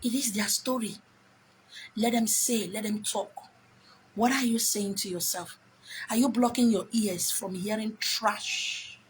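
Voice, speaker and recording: Speaking at a measured pace with medium pitch and a steady tone, a middle-aged Nigerian vlogger rants advice to camera, bluntly scolding her viewers and mixing in some pidgin. A little hiss or hum is audible.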